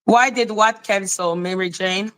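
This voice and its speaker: A woman's voice: mid-range voice, measured pace, fairly bright tone. A woman youtuber in a played clip, ranting in an exasperated, profane way on her own stream. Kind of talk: ranting live-stream talk.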